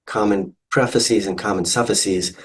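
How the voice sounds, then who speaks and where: A man's voice: on the low side, measured pace, breathy edge, low-quality recording. A male instructor explaining terms patiently in a recorded online lecture. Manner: patient, explanatory, with fillers and restarts.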